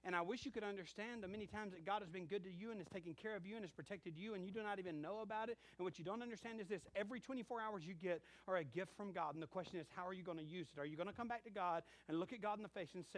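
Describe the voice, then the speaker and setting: A man's voice: high-pitched, rapid-fire, hardly any pauses, dry recording. A middle-aged male pastor preaching a sermon, telling stories and acting out bits of dialogue. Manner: animated storytelling with acted-out dialogue.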